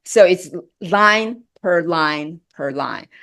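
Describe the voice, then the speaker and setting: A middle-aged actress speaking as an interview guest, emotional and halting with many restarts. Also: female voice, fairly low pitch, animated, fairly bright tone. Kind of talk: interview chat.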